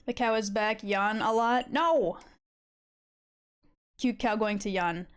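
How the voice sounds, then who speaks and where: Young woman, live art streamer, casual rambling chat, frequent swearing, mid-pitched voice. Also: normal speed, clean tone. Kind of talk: casual chat while drawing.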